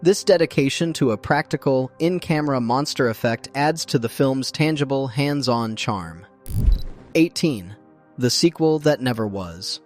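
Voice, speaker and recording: Male voice-over narrator, middle pitch, steady scripted delivery, faint music bed. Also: unhurried. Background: faint background music.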